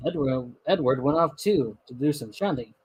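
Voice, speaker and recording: A man reading a children's storybook aloud, expressive and lively with small slips. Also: mid-range voice, moderate pace, slight background noise, rough recording. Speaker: storybook narrator.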